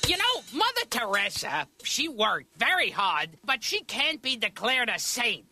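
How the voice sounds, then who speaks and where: A woman rattling off a chatty, animated stand-up monologue in a cartoon therapy session. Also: on the high side, unhurried, over loud music. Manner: chatty, animated, bouncy quoted voices. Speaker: patient doing stand-up.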